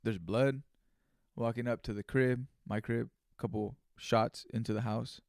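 A man's voice: medium pitch, fairly even intonation, unhurried, vocal fry, a little mellow, dry recording, clean studio sound. A man hosting his own podcast, telling a rambling, profane story in casual, conversational speech. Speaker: podcast host. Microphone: studio microphone.

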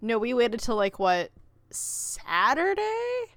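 A woman's voice: on the high side, huge pitch swings, slow, a bit bright, no room sound. A woman co-hosting a podcast in casual chat, joking and sarcastic. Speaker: podcast co-host.

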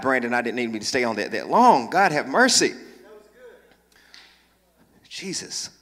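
A man preaching to his congregation, his voice high and very bright. He jokes with the room between points and builds to emphatic calls. The sound rings out with the long reverb of a big church sanctuary. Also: normal speed. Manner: lively preaching, joking asides, rising to emphatic calls. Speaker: pastor. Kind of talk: sermon.

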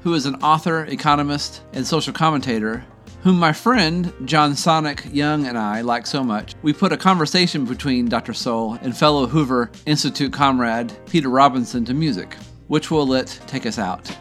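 A man reading a podcast outro in a plain, measured way. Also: mid-range voice, a bit bright. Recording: faint music underneath.

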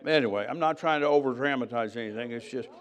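A man's voice: medium pitch, fast talker. An older man preaching, telling his own story in a conversational way and acting out the dialogue. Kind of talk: sermon testimony.

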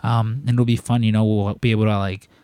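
Young male podcast host, casual and foul-mouthed, rambling anecdotes, slightly low pitch. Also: level tone, brisk, dark tone, no room sound. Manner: rambling storyteller, swears freely. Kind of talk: casual chat.

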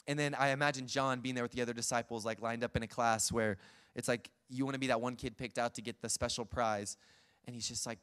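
A man's voice: medium pitch, fast, smooth. Man preaching with playful storytelling. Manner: lively storytelling, acts out scenes, chuckles often. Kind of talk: sermon.

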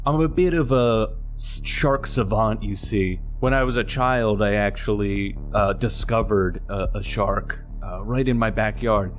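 A man's voice: lowish voice, a little slow, few pauses, faint music behind, close to an everyday voice. A man playing an overconfident self-styled shark expert in a comedy trailer parody. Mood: bluster. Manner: self-assured, then flustered. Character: overconfident male shark expert, easily confused.

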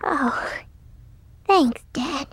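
A woman's voice: sits high, lively intonation, drawn-out words, very noisy, exaggerated voice. A woman voicing an earnest young cartoon girl, singing a tender heartfelt ballad. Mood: grateful. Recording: loud music under the voice.

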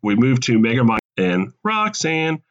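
A man casually pitching a comedic movie sequel on a podcast, laughing at his own puns. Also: big pitch swings, a little slow, dull audio.

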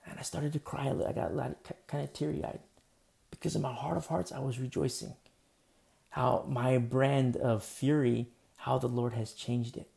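Gravelly, mellow-voiced male pastor. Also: medium pitch, steady tone, moderate pace. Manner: casual, rambling, many fillers and restarts. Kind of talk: conversational sermon.

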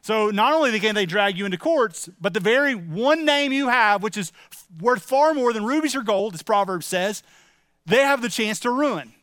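A man's voice: high voice, animated, moderate pace, fairly bright tone, dry recording, studio quality. A middle-aged male pastor giving a sermon in a conversational way, asking the congregation questions and turning stern and emphatic. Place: church sanctuary.

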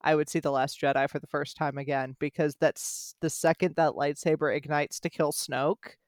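A young American speaker in their twenties chatting casually on a podcast, telling stories in a quick, animated way with frequent restarts. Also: mid-range voice, no echo, studio quality. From United States. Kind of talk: casual chat.

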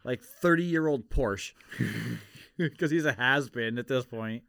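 A man from the Boston area in casual movie-review chat, chiming in with quick jokes. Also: mid-range voice, vocal fry, a bit bright, dry recording, clean studio sound. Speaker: podcast co-host.

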